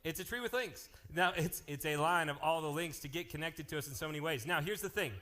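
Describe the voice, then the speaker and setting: A man working as a youth pastor, making lively, joking announcements and telling stories to a live youth group. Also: on the high side, fast talker. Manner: energetic, joking, jumps between topics.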